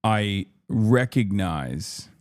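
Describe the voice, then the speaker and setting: A man's voice: on the low side, lively intonation, very slow. A man hosting a livestream, ranting in frustrated, profane political commentary. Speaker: livestream host.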